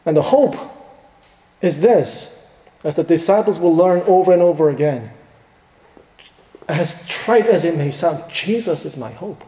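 A middle-aged man, a pastor, preaching a sermon with emphatic swings between hushed and rising delivery. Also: a little high, animated, measured pace, pauses often. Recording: echoey hall with long reverb.

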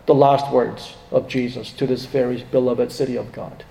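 A man's voice: medium pitch, little pitch movement, moderate pace, vocal fry, mellow. A man preaching a sermon, turning dramatic and emphatic when he quotes laments. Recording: echoey, reverberant hall.

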